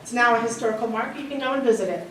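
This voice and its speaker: A woman teaches a history class in a high, bright voice, quizzing her students and laughing along with them. She stands away from the mic in a very echoey room. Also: rapid-fire, distant mic, slight background noise. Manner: lively, asks the class questions and laughs often. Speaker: history lecturer. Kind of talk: classroom lecture. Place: lecture room.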